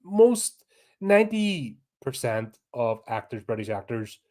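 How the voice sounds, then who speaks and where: A man's voice: medium pitch, sing-song, slow pace, a little mellow. Blunt, sweary Northern Irish man. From Northern Ireland. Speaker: podcast co-host. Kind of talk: casual podcast chat.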